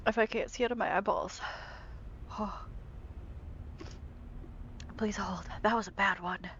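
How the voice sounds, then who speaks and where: A woman streaming a video game, chatting casually and excitably with frequent swearing and playful grumbling. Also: medium pitch, dull audio, slight background noise. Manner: chatty, excitable, quick reactions and self-talk. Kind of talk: casual live-stream gameplay commentary.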